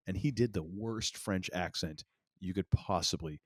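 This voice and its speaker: A man's voice: sits low, normal speed, dry recording, studio quality. A man from Maine co-hosting a wrestling podcast, talking in a loose, rambling way with many fillers and restarts. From Maine, USA. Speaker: podcast co-host. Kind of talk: casual chat.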